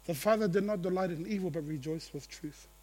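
A man with a fairly high voice preaches to his church with lively energy. He swings between loud, excited bursts and low, quiet stretches, and acts out the people in his story in little voices. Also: fairly quick. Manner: animated, acts out quotes, laughs at own jokes. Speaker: pastor. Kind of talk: sermon.

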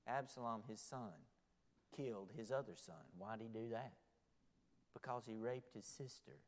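Male pastor preaching, dramatic, goes loud then drops to almost a whisper, long echo from a big hall. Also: fairly low pitch, unhurried. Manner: dramatic, swings between loud and near-whisper. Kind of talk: sermon.

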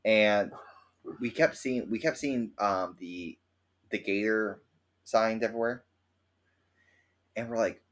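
A man co-hosting a casual podcast, telling stories in an animated way and acting out the quotes. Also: lowish voice, normal speed, pauses often. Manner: animated storyteller who acts out quotes. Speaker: podcast co-host.

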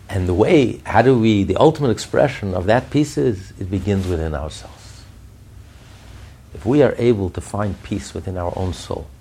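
A man, a rabbi, preaching a sermon with animated, repetitive emphasis and storytelling. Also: low-pitched, husky.

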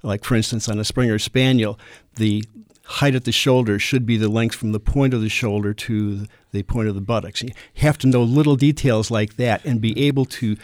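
Measured man explaining dog judging. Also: fairly low pitch, fairly even intonation, a little mellow, no echo, studio quality. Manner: measured, explanatory, with frequent fillers. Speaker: kennel club president and dog show judge. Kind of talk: casual radio interview.

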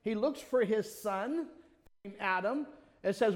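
A man preaching a sermon, animated, calling on members of the congregation by name and quoting scripture. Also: high voice, measured pace. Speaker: pastor. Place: church. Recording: long reverb of a church hall.

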